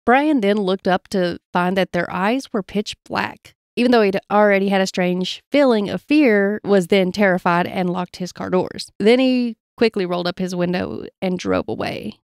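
A woman podcast co-host reads out unsettling stories in a relaxed, chatty way, laughing easily. Her voice sits at a middling pitch. The mic is close and the room is dry, with almost no echo. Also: moderate pace, few pauses, clean tone. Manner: reads from notes, laughs easily, plays along with jokes. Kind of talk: reading paranormal stories in casual chat.

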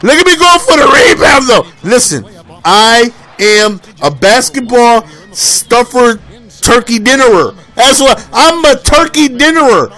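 A man with a high-pitched voice gives loose, joking commentary over his video game. He brags and teases, repeats his lines, and keeps tossing in "you know what I'm saying.". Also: big pitch swings, unhurried, sharp tone. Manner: playful, boastful, joking. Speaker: gameplay commentator.

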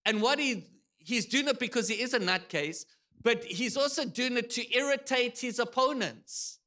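Male pastor, high bright voice, lively sermon delivery with shouted quotes. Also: moderate pace. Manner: animated storytelling, shouts quoted lines. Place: church.

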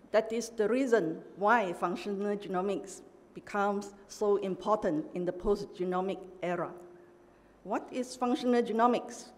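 A middle-aged woman delivers an academic lecture in a measured, emphatic way, stopping often with small "uh" pauses. Her voice sits at an ordinary pitch for a woman. The sound carries a long reverb from a large lecture hall. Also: darkish tone. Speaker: professor giving an inaugural lecture.

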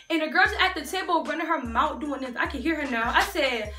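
A young woman vlogger telling a storytime tale in an animated, slangy way, talking straight to her viewers. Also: high-pitched, fairly quick, echoey room, soft background music. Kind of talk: storytime vlog.

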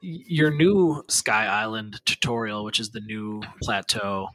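Bright-voiced joking podcast co-host man. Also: lowish voice, lively intonation, unhurried, no room sound. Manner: joking, rambling, swears freely. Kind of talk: casual gaming podcast chat.

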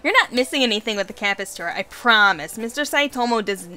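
A woman's voice: fairly high pitch, lively intonation, sharp tone, soft background music. A woman doing a bubbly teen girl roommate. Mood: gossipy. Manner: fast and bubbly.

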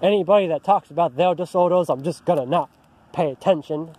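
Man, fairly high voice, soft mellow tone, agitated rant, stumbling restarts, outdoor park vlog. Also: a little fast. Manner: agitated, frustrated, restarts often. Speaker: vlogger. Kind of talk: angry personal rant to camera.

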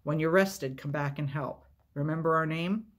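A man's voice: on the high side, normal speed, natural voice. A man reading aloud voices an earnest, anxious teenage girl who looks after her younger siblings, speaking for them with a firm, pressing manner. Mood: reassuring. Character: determined teenage girl, eldest sister.

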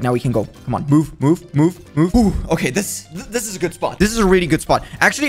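A young man giving frantic, jokey commentary while playing a video game, often panicking and pleading. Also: fairly high pitch. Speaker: gaming YouTuber. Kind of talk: gameplay commentary.

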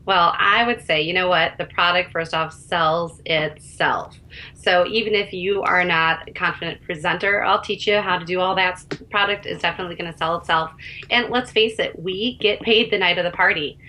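A woman with a bright, sharp-edged voice chats eagerly as a sales consultant on a video call. She laughs easily. A faint hum of noise sits behind her. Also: on the low side, fairly even intonation, moderate pace, low-quality recording. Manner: chatty, enthusiastic, laughs easily. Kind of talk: casual testimonial chat.

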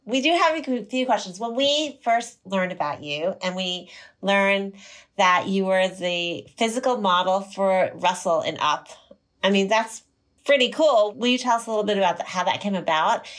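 A woman's voice: mid-range voice, moderate pace. Curious woman asking interview questions. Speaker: podcast co-host.

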